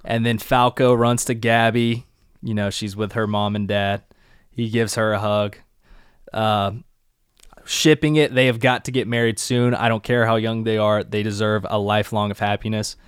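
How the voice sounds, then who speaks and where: A man co-hosting a casual anime recap podcast, recapping scenes in a relaxed, enthusiastic way. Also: fairly low pitch, normal speed, clear, resonant tone, no echo, studio quality. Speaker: podcast co-host.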